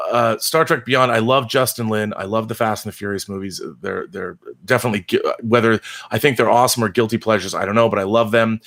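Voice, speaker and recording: A man's voice: fairly low pitch, fairly bright tone. A middle-aged man hosting a casual live chat, answering viewers with emphatic, opinionated asides and frequent restarts.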